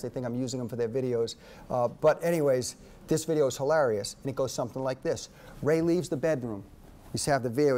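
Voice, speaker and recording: A man presenting a workshop lecture to an audience, an animated storyteller who repeats key points for emphasis. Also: fairly high pitch.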